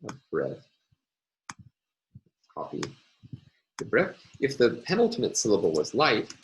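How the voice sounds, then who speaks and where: Male lecturer with a deep voice, measured and hesitant, for a recorded lesson. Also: huge pitch swings, gravelly, a little hiss or hum, poor audio. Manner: hesitant, many ums and uhs, explanatory. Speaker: university lecturer.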